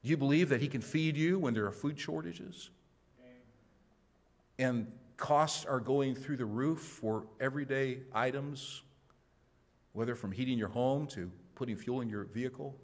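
Baptist pastor preaching a sermon. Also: male voice, medium pitch, normal speed. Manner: impassioned preaching, swinging from loud to hushed.

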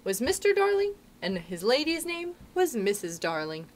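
A woman reading aloud and voicing a motherly young girl who tells a story and gently hushes the children around her. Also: on the high side, very animated, normal speed, slight background noise, pitched above the performer's own voice. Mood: storytelling. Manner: earnest, gently scolding.

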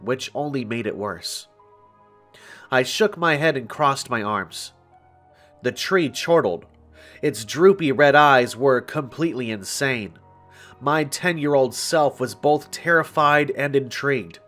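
Slow-reading male horror storyteller. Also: medium pitch, lively intonation, fairly bright tone. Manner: slow, deliberate first-person storytelling. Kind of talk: scripted horror story narration. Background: faint music.

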